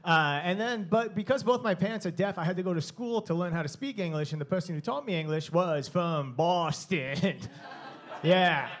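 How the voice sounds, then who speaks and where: A man's voice: high-pitched, normal speed. A young man with a Long Island accent doing a brash, profane stand-up set. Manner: brash, swears often, animated. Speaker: stand-up comedian.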